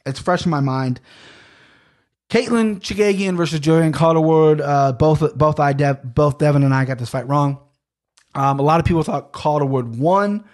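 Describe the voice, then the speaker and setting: Man, casual podcast monologue, rambling, fillers, slightly raised pitch. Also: normal speed, a little mellow. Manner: rambling, chatty, frequent fillers and restarts. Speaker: podcast host. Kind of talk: casual solo podcast talk.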